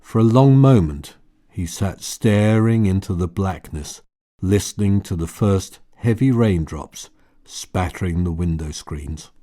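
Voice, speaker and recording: A man reading a novel aloud in measured, quiet scripted narration. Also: low voice, lively intonation. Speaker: audiobook narrator.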